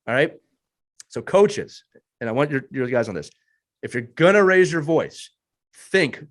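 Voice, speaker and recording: A man in his thirties with a hoarse, worn voice talks on a podcast panel. He is a youth hockey coach who speaks earnestly and repeats himself to drive each point home. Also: medium pitch.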